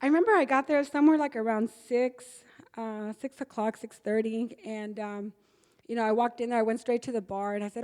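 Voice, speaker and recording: A woman's voice: a little high, steady tone, fairly quick, darkish tone. A middle-aged woman from Texas telling a candid recovery story at an AA gathering, acting out the dialogue as she goes. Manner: candid storytelling, acts out dialogue, laughs often. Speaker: AA speaker. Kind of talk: personal recovery talk. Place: large meeting hall. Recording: reverberant hall.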